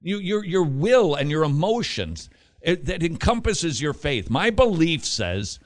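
A male Christian radio host with a lively, animated voice that swings up and down in pitch. He talks in a quick, chatty way and breaks into emphatic, forceful urging when he drives a point home. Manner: quick, chatty asides with restarts and laughs. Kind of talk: casual Christian radio talk.

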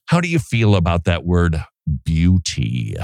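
A man's voice: mid-range voice, very animated, a little slow, no room sound, clean studio sound. A man hosting a casual talk show, musing aloud and asking his co-host rhetorical questions. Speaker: podcast host.

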